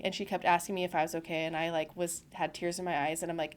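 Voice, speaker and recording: A woman's voice: lowish voice, level tone, fast talker, hardly any pauses. A young woman talking as a podcast guest in casual conversation, chatty and acting out her own past words in quotes.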